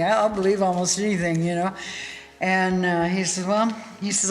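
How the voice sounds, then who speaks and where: A woman guest in an interview, telling a story in a lively way, laughing often and acting out what people said. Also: mid-range voice, measured pace. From United States. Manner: animated, laughing storyteller who acts out quotes. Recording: hall reverb with faint music.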